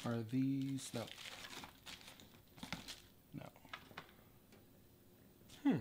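A man's voice: medium pitch, lively intonation, drawn-out words, warm tone, slightly rough. A man chatting casually on a livestream while assembling a computer, rambling and self-deprecating, sometimes drifting away from the mic. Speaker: livestreaming artist.

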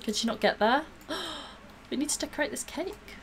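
A woman's voice: high voice, moderate pace, fairly bright tone, a little hiss or hum. A woman gives bubbly, gushing live-stream commentary while she plays a game, gasping and laughing often.

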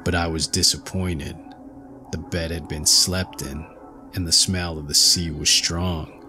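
A man narrating a ghost story in measured, unhurried first person. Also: deep voice, level tone, bright, forceful tone, soft background music. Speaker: audiobook narrator.

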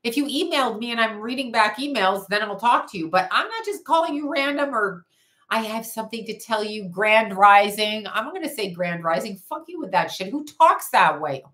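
A woman's voice: on the high side, big pitch swings, fairly quick, few pauses, bright, forceful tone. A woman hosting a psychic livestream from home, chatting casually and bluntly with viewers and swearing freely as she reads their comments. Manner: blunt, profane, talks back to chat.

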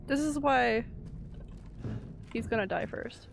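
A woman's voice: fairly high pitch, unhurried, vocal fry, background noise. A woman streaming a horror game live, jumpy and reacting aloud while she chats with viewers. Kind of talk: live gameplay commentary. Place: home room.

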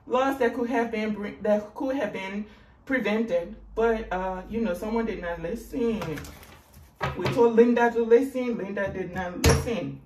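A woman with a West African accent reading tarot cards in a lively, sassy way. Her voice swoops up and down as she teases and jokes. The recording sounds roomy and set back from the mic, with a faint hiss underneath. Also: recorded from a distance. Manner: sassy and animated, with big swoops in pitch and laughter. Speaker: tarot reader. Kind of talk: casual tarot reading to camera.

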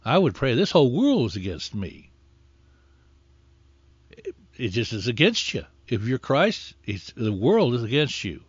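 A man's voice: mid-range voice, huge pitch swings, a little slow, pauses often, husky, no echo. A man preaching a conversational sermon in an earnest tone, rising in force when he exhorts. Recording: dull lo-fi dry recording.

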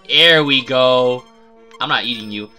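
Man, live game streamer, casual swearing commentary, lively up-and-down pitch, bright sharp tone, sudden loud outbursts, faint game music behind.

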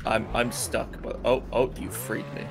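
A man's voice: mid-range voice, unhurried, gravelly, music in the background. A young man chatting while gaming, dry and playful, joining in mock-formal bits with a friend. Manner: dry, plays along with mock formal lines. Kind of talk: casual gaming chat.

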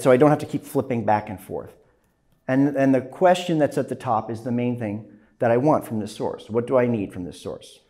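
A man lectures a class, his pitch moving a lot as he talks. He keeps adding "right?" after his points and now and then acts out a phone call. His voice sits in the middle of the range. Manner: animated, frequent "right?" tags, acts out phone calls. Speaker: journalism instructor.

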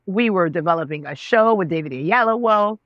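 A woman in her thirties telling her story as a guest, voicing her own past dialogue with God. Her pitch leaps up and down as she acts it out. The sound is dry and slightly dull. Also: animated, fairly quick, dry recording. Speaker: guest, actress and author. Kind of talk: animated storytelling.

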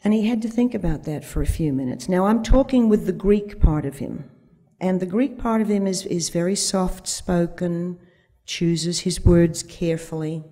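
A woman's voice: on the low side, normal speed, dark tone. A woman speaking at a conference, telling a vivid anecdote and quoting the dialogue along the way. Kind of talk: storytelling talk. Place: conference stage before an audience.

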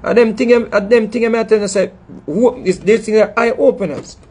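The voice is high and slightly mellow with a breathy edge, moving at a moderate pace. It belongs to a middle-aged Jamaican dancehall artist giving his listeners an impassioned, scolding talk, repeating himself and stumbling over words.

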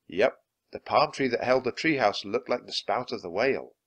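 Animated man reading a children's book. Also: medium pitch, moderate pace. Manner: expressive, animated. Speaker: audiobook reader. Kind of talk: children's book read-aloud.

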